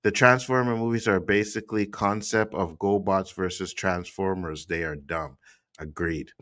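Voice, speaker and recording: A man's voice: fairly low pitch, sharp tone. A man hosting a casual pop-culture talk show, reading viewer comments and agreeing with a laugh.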